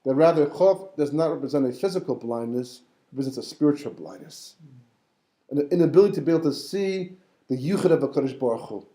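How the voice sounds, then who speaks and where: A rabbi teaches a lively Torah class at a quick pace, his fairly high voice rising whenever he acts out a character in the story. His tone is mellow, and the room adds a clear echo.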